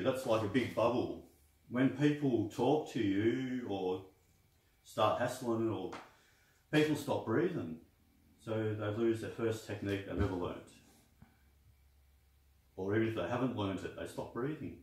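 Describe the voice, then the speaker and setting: A man's voice: fairly low pitch, a bit bright. A man teaching martial arts breathing in a loose, rambling way, guiding the listener through breathing counts. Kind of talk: casual instructional talk. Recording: echoey room, distant mic.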